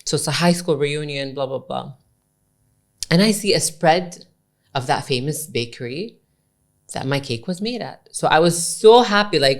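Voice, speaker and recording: A woman co-hosts a casual podcast and tells an animated personal story. She keeps her voice low and switches between English and Arabic, tossing in "blah, blah, blah" as she goes. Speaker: podcast co-host.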